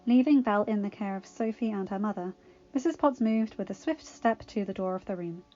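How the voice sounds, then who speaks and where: Expressive woman narrating a storybook. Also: mid-range voice, a little fast, muffled recording. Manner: expressive, voices the characters. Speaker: audiobook reader.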